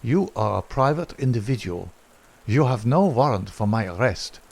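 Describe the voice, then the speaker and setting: A man's voice: medium pitch, expressive, vocal fry. A man reading as a grim captured spy. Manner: slow, grim and resentful. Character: bitter captured foreign spy, male, strong.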